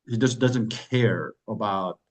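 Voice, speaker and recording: A man hosting a wine club chat, casually telling a long story, swearing and acting out other people's lines in quick bursts. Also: rough recording. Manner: animated, swears, acts out quoted voices with big pitch jumps.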